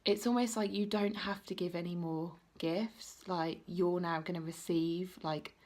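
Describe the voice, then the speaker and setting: A woman's voice: on the low side, fairly even intonation, measured pace, a little mellow. A woman giving an intuitive card reading to her viewers. She talks in a chatty, rambling way, full of "like" and "you know", and she encourages the viewer directly. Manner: encouraging, speaking straight to the viewer. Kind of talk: casual card-reading vlog.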